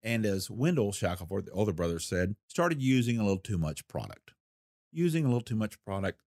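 A man's voice: lowish voice, big pitch swings, fairly quick, darkish tone, no room sound, clean studio sound. A man, a former federal investigator, telling a case story in a folksy, plain-spoken interview manner and acting out the voices he quotes.

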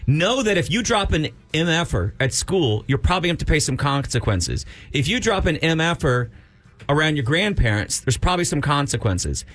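Lively, high-pitched radio host. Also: male voice, a little fast. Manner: loose, rambling talk with restarts and joking asides. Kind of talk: casual radio banter. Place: radio studio.

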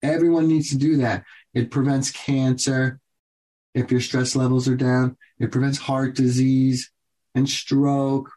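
A man hosting a radio health show as a doctor, giving advice in an earnest, repetitive coaching tone with quick bursts. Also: medium pitch, flat delivery, mellow.

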